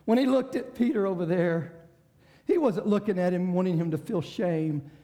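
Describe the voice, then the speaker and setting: A man preaching a sermon, swinging between shouted climaxes and hushed passages. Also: sits high, moderate pace.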